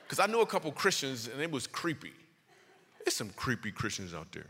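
A man doing stand-up storytelling as a comedian, animated, his voice leaping high for punchlines. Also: fast. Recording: long reverb of a hall.

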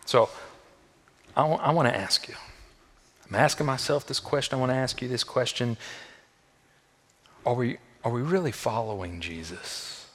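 A male pastor preaching to his congregation in a sermon that builds and falls. He repeats phrases for weight, rising to loud, high peaks and then sinking into soft, low tones. His voice sits at a middling pitch, and a long reverb trails it through the large church hall. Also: expressive, normal speed, pauses often.

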